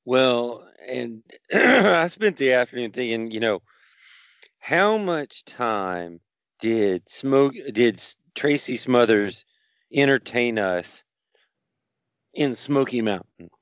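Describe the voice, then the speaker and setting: A man co-hosting a podcast, speaking in a slow, thoughtful way and clearing his throat now and then. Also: medium pitch, big pitch swings, fairly bright tone, no echo, muffled recording. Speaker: podcast co-host. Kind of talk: casual podcast chat.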